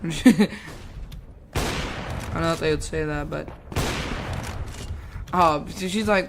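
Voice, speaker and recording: A woman with a somewhat low voice tells a rambling story while she plays a game, swearing and laughing along the way. She jumps into the voices of the people she describes. A faint hiss and the click of a mouse sit behind her. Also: slow pace, long pauses. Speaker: gamer telling a school story.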